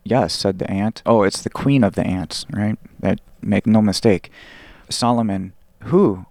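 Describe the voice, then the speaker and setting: Podcast host, male, low gravelly voice, loose rambling delivery, dry close sound. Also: fairly even intonation, moderate pace, a little mellow, no room sound. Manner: rambling, full of "like" fillers, reads passages aloud. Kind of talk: casual podcast commentary.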